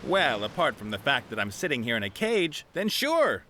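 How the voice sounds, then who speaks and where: Captain Nate, a cocky sky rogue. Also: male voice, medium pitch, sing-song, moderate pace, sharp tone. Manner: cocky, jokey, laughing. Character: cocky male sky captain and treasure hunter.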